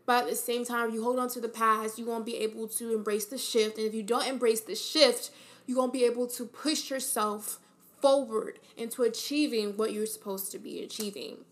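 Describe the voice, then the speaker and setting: A woman's voice: fairly high pitch, steady tone, moderate pace. A woman hosting a podcast, giving an earnest, encouraging motivational monologue with casual fillers and repeated key phrases. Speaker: podcast host.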